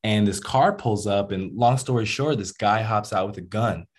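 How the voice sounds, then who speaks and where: A young American man, a musician, telling stories in a casual interview with laid-back slang and animated retelling. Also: fairly low pitch, moderate pace, breathy edge. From United States. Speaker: musician and rapper.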